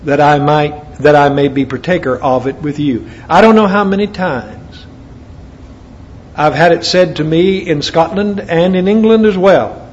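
American guy preaching, folksy side stories, kinda high voice, muffled lo-fi sound. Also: moderate pace. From United States. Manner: folksy asides between scripture readings. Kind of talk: sermon. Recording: dull lo-fi recording with faint background noise.

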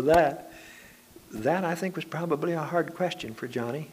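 A man's voice: on the high side, normal speed, a little mellow, husky. A man preaching a sermon to his congregation, telling homely anecdotes in a conversational, folksy way.

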